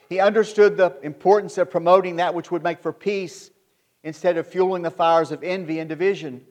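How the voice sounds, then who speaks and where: A man preaching a sermon, reading scripture in a measured, earnest way and building to forceful emphasis. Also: a little high.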